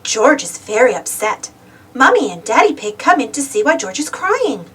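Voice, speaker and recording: A woman reading a children's picture book aloud in a slow, clear, expressive storytelling manner. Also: high voice, distant mic. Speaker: storybook reader.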